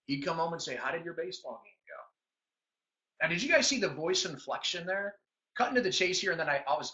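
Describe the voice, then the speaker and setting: A middle-aged man giving a motivational business training talk, acting out conversations as he tells stories. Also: on the high side. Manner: animated storyteller acting out conversations. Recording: dull lo-fi sound.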